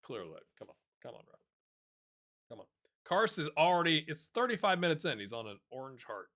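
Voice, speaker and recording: A man commentates a football management game for his viewers, chatty and quick to get excited. His voice rides up and down with lively swings, and it sounds bright and a little forceful throughout. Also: on the high side. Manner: excitable, chatty, talks to viewers and players as lads. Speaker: gaming YouTuber. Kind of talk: casual let's-play commentary.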